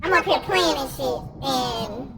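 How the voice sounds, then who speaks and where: A woman streaming a game through a voice changer that turns her into a squeaky, chipmunk-like alien, swearing and shrieking at the game. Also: animated, unhurried, a loud crowd, very noisy. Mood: playful. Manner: loud, swearing, shrieking reactions. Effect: high-pitched chipmunk voice changer. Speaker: gaming streamer. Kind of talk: live gameplay commentary. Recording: game music under voice. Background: game music.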